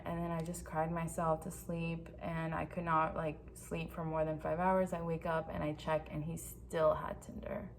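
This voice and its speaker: A woman's voice: lowish voice, slight background noise. Young woman venting in a frank ramble. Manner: rambling, peppered with "like", frank and profane. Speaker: vlogger. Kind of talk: casual storytime vent.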